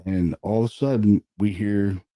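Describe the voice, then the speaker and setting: A man, a paranormal investigator, casually telling a story about an investigation, animated and sprinkled with swearing and fillers. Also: fairly low pitch, normal speed.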